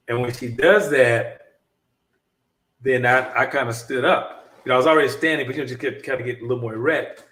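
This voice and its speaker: A man telling a long story in casual chat, animated and rambling, often restarting his sentences. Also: mid-range voice, reverberant, recorded from a distance. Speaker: podcast co-host.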